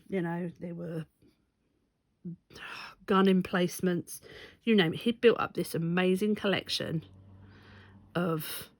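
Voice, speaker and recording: A woman's voice: lowish voice, dry recording. A woman telling a rambling, amused anecdote in a casual vlog, often correcting herself as she goes. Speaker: stitching vlogger.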